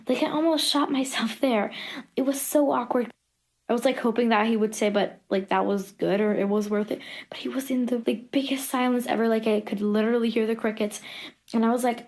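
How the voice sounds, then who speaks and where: A woman narrating an animated storytime in chatty, filler-heavy teen talk. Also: on the high side, moderate pace.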